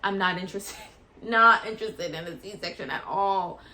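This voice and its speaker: A woman's voice: medium pitch, moderate pace. Chatty woman vlogger telling a story. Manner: chatty and animated, acts out quoted voices. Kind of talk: casual storytelling.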